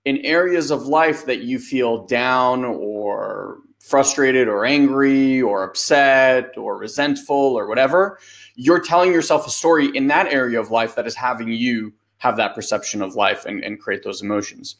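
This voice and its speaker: A man's voice: mid-range voice, measured pace, fairly bright tone. A man hosting a webinar, talking loosely as a life coach and answering a listener's question, with lots of "like" and "you know". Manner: loose, conversational, many fillers like "like" and "you know".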